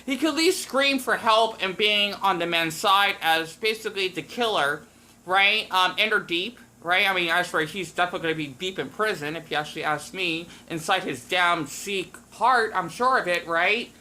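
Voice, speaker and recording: A man with a high-pitched voice, slightly slurred by a retainer, rambling through a commentary vlog full of fillers and tag questions. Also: normal speed, pushed and bright. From Canada. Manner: rambling, many fillers, keeps asking 'right?'. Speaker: vlogger.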